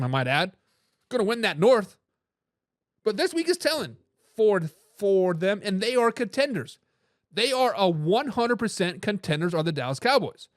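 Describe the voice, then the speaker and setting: High-voiced, animated sports talk host. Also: male voice, no echo, studio quality. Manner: animated and casual, with slangy catchphrases and frequent restarts. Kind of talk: live NFL talk show, reading viewer comments.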